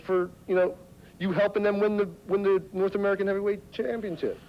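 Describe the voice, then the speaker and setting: A man's voice: sits high, flat delivery, brisk. A man hosting a taunting wrestling promo in lo-fi TV sound. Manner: taunting, mocking. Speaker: wrestling talk segment host. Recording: lo-fi 1990s TV audio.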